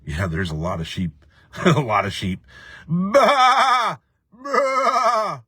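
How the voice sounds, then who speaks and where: Deep husky-voiced man ranting. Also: lively intonation, normal speed, a bit bright, no room sound. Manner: profane, rambling, laughs often. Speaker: livestream host reading viewer comments. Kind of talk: casual ranting live chat.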